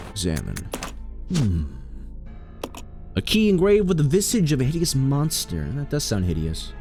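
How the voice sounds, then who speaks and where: Animated man streaming a game. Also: normal speed, faint music behind. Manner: joking, animated, jumps to high exclamations. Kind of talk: casual gameplay commentary.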